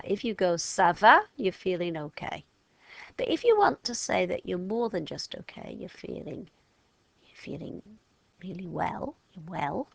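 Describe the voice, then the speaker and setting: A woman leads a gentle phonics lesson for young learners. She speaks very slowly, with a low, gravelly voice, and draws out each sound she demonstrates. The recording is close and dry. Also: animated, no room sound. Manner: slow, patient, modelling sounds aloud and stretching words. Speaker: French teacher. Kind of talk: step-by-step phonics lesson for children.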